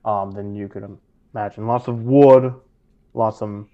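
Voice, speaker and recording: A man running a tabletop game as game master, narrating in an animated, rambling way. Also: on the low side, unhurried, lo-fi sound.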